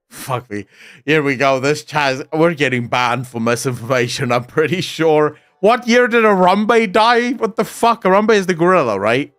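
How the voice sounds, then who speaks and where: A man's voice: medium pitch, a bit bright. A young man with a South African accent, chatting casually and crudely on a live stream, joking and swearing as he reacts to chat. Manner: sardonic, joking, frequent laughter and swearing.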